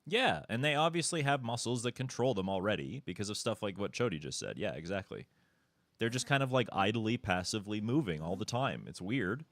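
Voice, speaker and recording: A man's voice: lowish voice, sing-song, a little fast, a bit bright, dry recording. Laughing, foul-mouthed male game streamer. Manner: laughs often, swears, answers chat. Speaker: speedrunning streamer. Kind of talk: casual live-stream chat while gaming.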